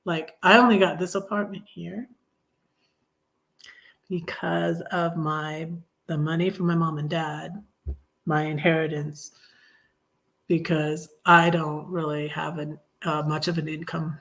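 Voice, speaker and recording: A woman's voice: sits low, little pitch movement, measured pace, gravelly, pauses often, fairly bright tone. A middle-aged woman hosting a livestream, telling a personal story in a rambling, chatty way and talking straight to her viewers. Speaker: livestream host.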